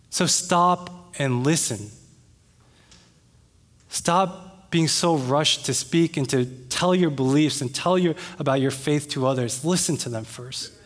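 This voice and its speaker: A man preaching a sermon as pastor, talking in a conversational way and becoming animated when he retells an argument. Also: fairly high pitch. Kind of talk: sermon with personal story. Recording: long reverb of a hall.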